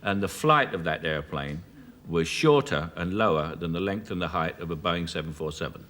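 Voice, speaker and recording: A man in his fifties with a Cockney London accent, a chat show guest telling anecdotes with halting restarts and frequent chuckles. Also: low-pitched, lively intonation, fairly bright tone. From South London, England. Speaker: actor guest. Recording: 1980s television studio broadcast.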